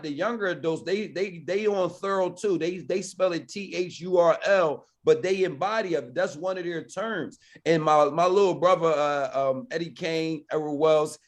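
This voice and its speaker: A man, a minister presenting a community plan in an emphatic, preacherly way, often checking "you understand?". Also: fairly high pitch.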